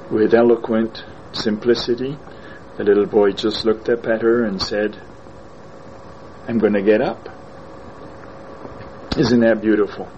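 Male preacher, lower voice, very slow and deliberate sermon delivery, repeats key lines. Muffled lo-fi recording. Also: darkish tone, a little hiss or hum.

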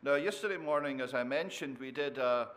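A man's voice: medium pitch, brisk, fairly bright tone. A man preaching an expository sermon, often turning points into tag questions and adding dry humor.

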